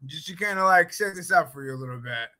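A man's voice: a little high, expressive, quick pace, pushed and bright, rough recording. A man chatting casually, telling rambling stories full of fillers. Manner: loose, rambling storytelling with many fillers. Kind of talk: casual podcast chat.

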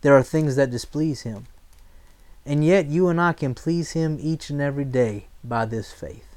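A man preaching a sermon, reading scripture and acting out quick voices of the people he talks about. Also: a little high. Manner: animated preaching, acts out voices. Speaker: pastor.

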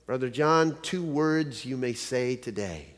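A stern old abbot, formal and dry, speaking in short, measured orders, as a man telling a joke story gives him a voice. The sound rings with a long hall reverb. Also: medium pitch, expressive, voice pushed down, lightly acted.

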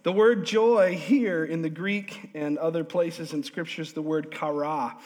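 A male pastor preaching a lively, humorous sermon in a church, drawing responses from the congregation. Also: a little high. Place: church sanctuary. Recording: long hall reverb.

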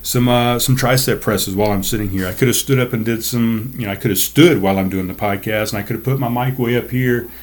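Seated at his home desk, a middle-aged man hosts his own solo podcast, ranting in a fired-up, profane, motivational way. He talks fast with few pauses, at medium pitch with fairly even intonation and a slightly mellow tone.

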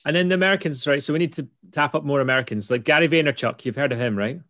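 A man's voice: a little high, racing, a bit bright, dry recording, studio quality. A British man hosting a casual chat, upbeat and persuasive, often checking in with "right?". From Britain. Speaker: host.

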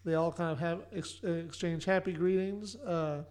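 A man with a fairly high voice recaps a TV episode for a podcast in a casual way. He drops dry, joking asides along the way. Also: fairly even intonation, normal speed, a little mellow. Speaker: podcast co-host.

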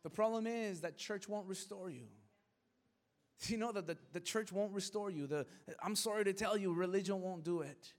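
A middle-aged man preaches with a high, light voice. He talks to the crowd like friends, keeps asking if they get it, and swings between quiet, slow lines and loud bursts. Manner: conversational, keeps asking if listeners follow. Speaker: pastor. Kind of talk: sermon.

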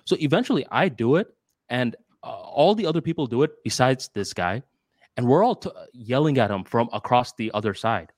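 A man's voice: medium pitch, normal speed, no echo. Podcast co-host, male, casual storyteller, dry close mic. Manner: storytelling, animated retelling.

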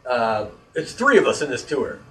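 A man's voice: medium pitch, moderate pace, far from the mic, rough recording. A man telling a long story in casual podcast chat, swearing freely and acting out the voices of the people in it. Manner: animated storyteller, swears, acts out quoted voices.

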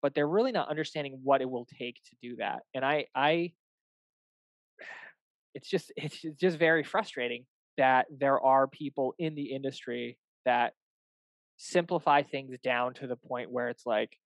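A man's voice: mid-range voice, a little slow, dry recording, rough recording. A young adult man, a fitness coach, chatting casually and animatedly, acting out little dialogues with clients and swearing now and then. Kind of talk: casual podcast chat.

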